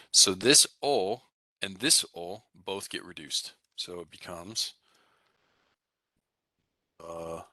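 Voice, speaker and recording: A man with a very low voice explains pronunciation to his class, steady and easygoing. His tone is strikingly bright and forceful, and it is recorded dry and close, with no room sound around it. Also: no echo. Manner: relaxed, explanatory, frequent "right?" and "okay?" check-ins. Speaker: Russian language teacher.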